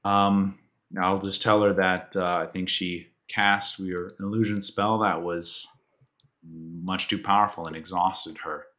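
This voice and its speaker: A man's voice: low-pitched, flat delivery, a little slow, sharp tone. A man playing a character in a tabletop game, talking casually with many likes and you-knows. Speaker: player.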